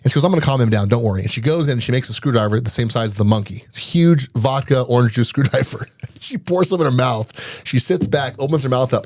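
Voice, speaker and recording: Man, middle-aged, podcast guest, casual storytelling, rapid delivery, dry close sound. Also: medium pitch, dry recording. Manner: rapid, animated anecdotes broken up by laughter. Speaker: podcast guest, IT business owner.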